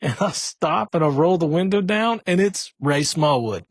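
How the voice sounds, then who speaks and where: A man who is a guest on a podcast, telling a quick story in casual chat. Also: a little high, expressive, no room sound, clean studio sound.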